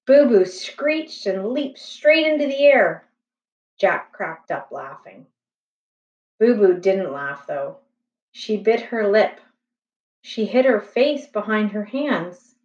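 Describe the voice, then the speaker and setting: A woman reading a children's chapter book aloud in a slow, gentle, expressive way. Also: mid-range voice. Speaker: storybook reader. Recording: echoey room, distant, slightly dull.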